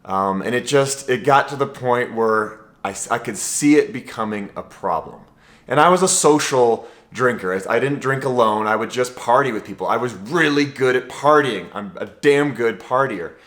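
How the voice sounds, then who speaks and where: A man's voice: medium pitch, moderate pace, fairly bright tone. A man speaking a candid, heartfelt personal monologue straight to his own camera, casual and full of fillers. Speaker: vlogger. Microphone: self-recorded camera.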